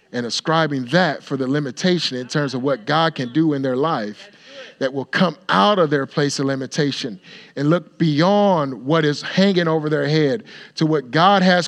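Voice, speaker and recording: A man preaching a sermon, acting out the dialogue of the story in an expressive way and sometimes dropping to a soft, near-whispered voice. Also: medium pitch. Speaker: pastor.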